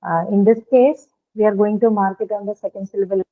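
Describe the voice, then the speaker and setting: Over what sounds like a thin phone line, a woman teaches word stress in an online lesson. Her mid-range voice moves a little fast with fairly even intonation, and she explains each step methodically, often asking "right?" to confirm her students are following.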